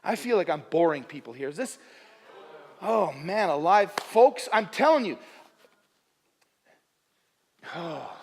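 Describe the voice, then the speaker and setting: A male pastor preaching a sermon with humor at his own expense, moving between soft asides and loud emphatic bursts and often repeating his phrases. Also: fairly high pitch, sing-song, slow pace, pauses often, slightly rough, in a large hall. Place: church sanctuary.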